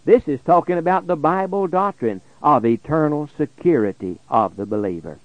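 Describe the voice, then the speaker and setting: A man preaching a Bible sermon on the radio, reading verses slowly and stressing key words, dropping his voice low at the end of phrases. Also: expressive, dry recording, highs cut off. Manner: slow emphatic preaching, drops low at phrase ends.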